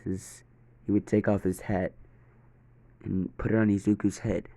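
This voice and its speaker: A man telling a fan fiction story in a very deep, gravelly voice. He narrates slowly and steadily, in a dark, monotone delivery.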